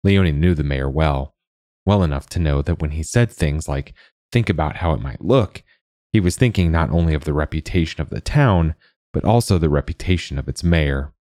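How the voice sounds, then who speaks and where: A man narrating a storybook in a measured, wry way. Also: very deep voice, warm tone, no room sound, clean studio sound.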